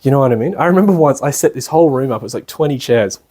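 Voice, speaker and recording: Animated and rapid-fire, an Australian spiritual lecturer speaks in a warm, medium-pitched voice in a retreat lecture room. His casual, colloquial style involves frequent check-ins with listeners and acting out the characters he describes.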